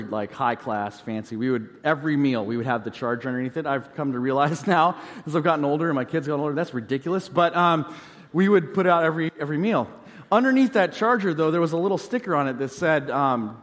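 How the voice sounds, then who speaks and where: A man's voice: a little high, long reverb tail. A male pastor in his thirties preaching a sermon in a conversational, storytelling way, mixing in self-deprecating humor.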